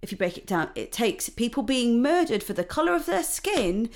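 A woman's voice: a little high, sing-song, moderate pace. A woman co-hosting a podcast, speaking bluntly and emphatically, with the odd swear. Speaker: podcast co-host. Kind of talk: heated casual conversation.

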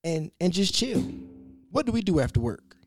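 A man telling a story in a casual conversation, loose and animated, with slang, cursing and frequent restarts. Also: sits high, normal speed, faint music behind.

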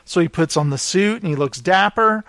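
A man in casual chat, recapping a TV episode with animated storytelling and acted-out scenes. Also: sits high, moderate pace, no room sound. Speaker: show reviewer.

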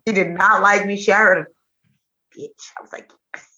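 A woman's voice: medium pitch, unhurried, breathy edge, muffled recording. A woman who does comedy and teaches, chatting as a podcast guest and acting out the people in her stories. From Nashville. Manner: animated storyteller who acts out quotes. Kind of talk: casual interview chat.

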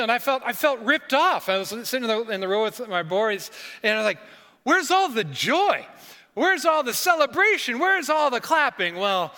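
A middle-aged man preaching a sermon as a pastor, telling stories in an animated way and acting out what people said. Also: high-pitched, in a large hall. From northern United States. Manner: animated storytelling with acted-out quotes.

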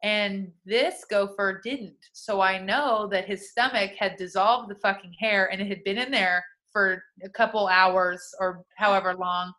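Woman, young adult, podcast co-host, bright and forceful, profane, animated storyteller. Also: mid-range voice, unhurried, hardly any pauses. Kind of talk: casual chat.

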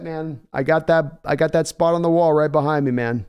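A man's voice: fairly high pitch, brisk, few pauses, darkish tone, smooth. A man hosting a live sports stream, chatting casually and answering viewers by name. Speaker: sports podcast host reading chat.

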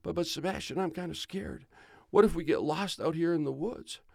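A jumpy, easily scared young man in a spoken story, as a male storyteller puts him on. The voice sits high and stumbles over its words, recorded close and dry. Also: fairly quick, creaky, mellow, dry recording. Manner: high-pitched and stammering.

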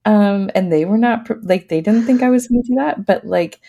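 Podcast guest, a woman with a low, gravelly, warm voice, chatty and casual, laughing often as she tells her story. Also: fairly quick. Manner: laughs often while talking; casual, many fillers. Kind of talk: personal storytelling in an interview.

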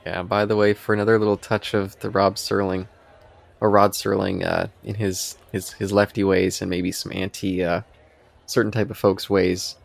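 Gravelly low-voiced man chatting. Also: level tone, normal speed. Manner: laughs often, retells scenes with quoted lines. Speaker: podcast co-host. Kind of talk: casual chat reviewing a TV episode.

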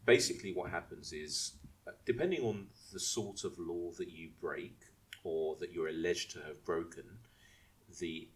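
Low-voiced guy on a footy podcast, rambly, keeps restarting his questions. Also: moderate pace. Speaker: podcast co-host. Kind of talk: casual football podcast chat.

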